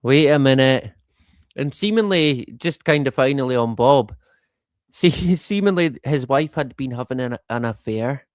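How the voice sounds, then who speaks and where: A man's voice: medium pitch, lively intonation, measured pace, no room sound, studio quality. A man hosting a livestream in a casual, rambling monologue, laughing often and swearing freely. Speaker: livestream host.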